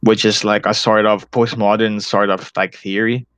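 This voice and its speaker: A man's voice: fairly low pitch, level tone, moderate pace, fairly bright tone, smooth, no echo. A young man from the Philippines with a Filipino accent, co-hosting a casual podcast chat, rambling, swearing often and laughing. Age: young adult. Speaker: podcast co-host.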